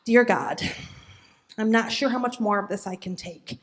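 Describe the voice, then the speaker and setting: A woman's voice: a little high, normal speed, close to an everyday voice. A woman voicing a grieving, childless woman who pours out her pain to God in a diary, read in an earnest, pleading way. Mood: anguished.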